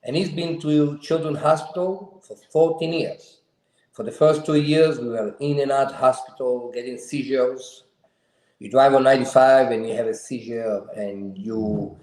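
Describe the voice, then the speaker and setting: A man's voice: mid-range voice, warm tone. A man hosting a show, telling a heartfelt story about his sons in an earnest, emphatic way with slightly non-standard grammar. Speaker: show host. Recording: roomy echo.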